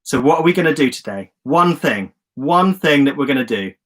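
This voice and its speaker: A man's voice: mid-range voice, a little fast. Chatty encouraging man hosting a live stream. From England. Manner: chatty and encouraging, reads out viewer comments with lively enthusiasm. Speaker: host of a live online journaling session. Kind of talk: casual live-stream coaching. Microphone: phone or webcam on a live stream.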